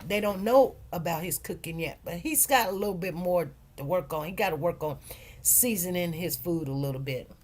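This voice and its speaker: A middle-aged woman tells a story in a loose, chatty way. She acts out the people in it, and her voice swings high and low as she goes. Her delivery is casual and unscripted. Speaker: channel host.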